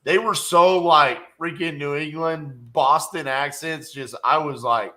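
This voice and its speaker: A man's voice: on the high side, measured pace, few pauses, bright, forceful tone. A middle-aged man, co-hosting a casual livestream, joking, telling stories and greeting viewers. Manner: folksy, joking, storytelling. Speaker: co-host, real estate investor. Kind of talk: casual livestream chat reading viewer comments.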